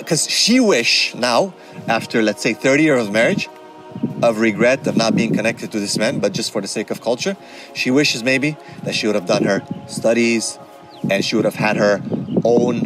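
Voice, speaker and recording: A man and regular speaker giving a conversational religious talk and advice, often checking in with "right?" and mixing in Arabic terms. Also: mid-range voice. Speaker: Islamic speaker and counselor.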